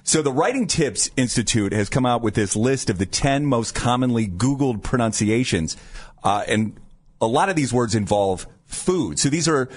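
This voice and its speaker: A man's voice: mid-range voice, expressive, normal speed, slightly rough. Chatty male radio co-host. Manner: chatty, stumbles over words. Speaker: radio morning show co-host. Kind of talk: casual radio banter.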